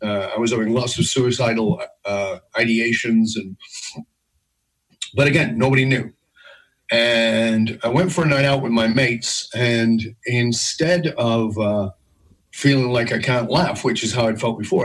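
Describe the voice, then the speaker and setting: A middle-aged man telling a personal story in an interview, intense and emphatic, with his pitch swinging widely. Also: a little slow, slightly rough, poor audio. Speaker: guest, leadership speaker.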